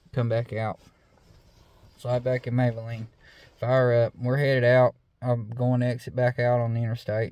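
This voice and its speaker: A middle-aged man with a drawl tells a story in a slow, easygoing way, leaning on fillers and "I said." His voice sits at a mid pitch, neither high nor low. The recording is dry and close, with no room sound. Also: a little mellow, dry recording. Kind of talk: casual spoken storytelling.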